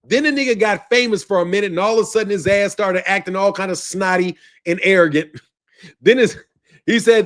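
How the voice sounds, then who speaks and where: A man from the United States ranting without a script as a boxing channel commentator, loud and profane, laughing between lines. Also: sits high, lively intonation, normal speed. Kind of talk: unscripted profane rant.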